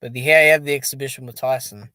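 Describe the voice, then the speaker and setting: A tired, sleepy man chatting casually on a live stream, reacting out loud and reading viewer comments. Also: mid-range voice, steady tone, quick pace, no echo. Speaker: boxing stream host.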